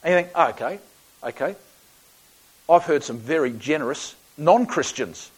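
A man's voice: on the high side, normal speed, slightly rough, poor audio. An Australian man preaching a sermon, telling a personal story in a conversational, folksy way with frequent restarts.

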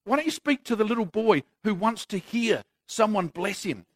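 Man as a wife, gently scolding, caring, pleading, questioning, high voice, dry. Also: animated, normal speed, no echo.

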